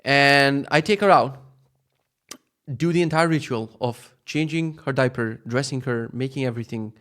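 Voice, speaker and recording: A man in his thirties talks alone into a podcast mic in a loose, casual monologue. He swears freely and swings between loud, heated rants and quiet, low asides, and his voice sits at an ordinary middle pitch. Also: normal speed, clear, resonant tone. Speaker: podcast host.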